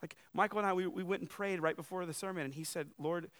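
A man's voice: high-pitched, fast talker, fairly bright tone. A young man preaching a sermon in a conversational way, with joking asides and rising emphasis. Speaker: pastor.

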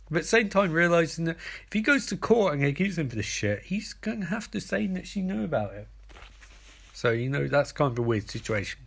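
A man's voice: fairly high pitch, sing-song, brisk, gravelly, a bit bright, husky. A man giving a rambling, jokey recap of a TV episode, correcting himself as he goes. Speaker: show recapper. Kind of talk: casual comic recap.

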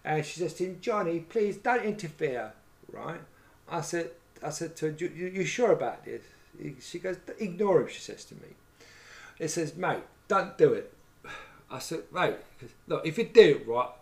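A middle-aged man tells stories in a loose, rambling way, tagging his sentences with "right?" and "you know what I mean?". His voice sits a little higher than most men's. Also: expressive, normal speed, creaky, a little mellow. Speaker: former hairdresser telling stories. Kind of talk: casual chat, anecdotes.

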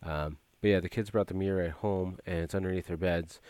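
A man's voice: low voice, fairly even intonation, brisk, a little mellow, no echo. A man casually recapping a movie plot, rambling with frequent filler words and restarts.

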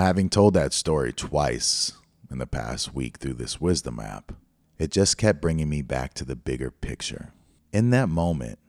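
A man's voice: very deep voice, no room sound, clean studio sound. A middle-aged man hosting a podcast, telling a personal story in a candid, reflective way. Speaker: podcast host. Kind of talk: storytelling monologue.

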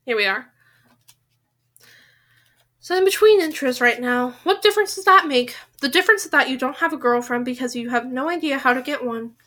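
A woman with a high, bright voice reads a novel aloud in a relaxed, chatty way. She keeps drifting off the page into animated, rambling asides before picking the story back up. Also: fast. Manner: animated, breaks off into rambling side comments. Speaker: reader of a novel.

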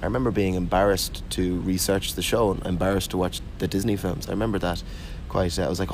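A man's voice: sits low, fairly even intonation, fast talker, hardly any pauses, a little hiss or hum. A young Irish man with a Dublin-tinged accent, a stage performer chatting in an interview with easy, self-deprecating humor. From Ireland. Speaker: stage performer and show host. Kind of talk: casual interview chat.

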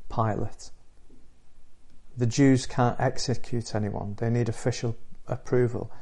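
Low, flat-voiced earnest male preacher. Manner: earnest, measured storytelling with pauses. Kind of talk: sermon retelling the Easter story.

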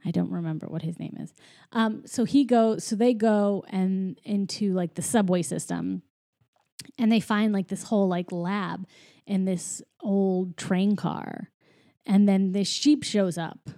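Chatty woman with a dark, dry voice. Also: mid-range voice, unhurried, no room sound. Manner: chatty, lots of "like" and "you know", giggly. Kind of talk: casual movie recap chat.

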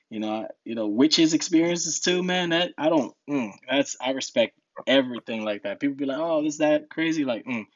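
A man's voice: medium pitch, dry recording, dull audio. A young man from New Jersey, a podcast guest telling stories in a laid-back way, laughing often. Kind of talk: casual storytelling.

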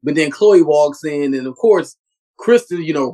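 Gushing, chatty podcast co-host man. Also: on the high side. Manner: gushing fan, quick and chatty, mimics characters' voices. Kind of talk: casual interview chat.

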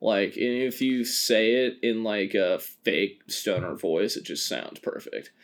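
Lower-voiced man, joking podcast host. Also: measured pace. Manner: loose and joking, with swearing and filler words. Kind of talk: casual sports chat.

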